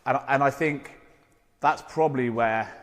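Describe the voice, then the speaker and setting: A man in a casual podcast conversation, animated and questioning, swearing casually. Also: mid-range voice, measured pace, long reverb tail.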